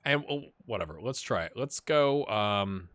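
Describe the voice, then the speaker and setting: A man hosting a gaming channel, casually commenting while he plays, chatty and rambling, with laughs and sudden excited outbursts. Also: lowish voice, a little slow, clean tone, dry recording, studio quality. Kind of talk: casual commentary while playing a football management game.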